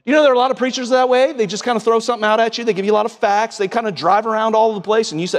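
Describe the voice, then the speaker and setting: A man delivers a sermon at a rapid clip, his voice pitched high. He talks in a folksy, excitable way, stumbling over and repeating his words. The sound carries a long hall reverb. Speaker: preacher.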